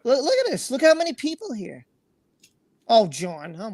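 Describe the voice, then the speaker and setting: A man's voice: extremely high pitch, huge pitch swings, moderate pace, darkish tone, no echo. A man hosting a livestream, reading out viewer comments and talking in an earnest, emotional way, repeating himself and swearing freely. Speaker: livestream host.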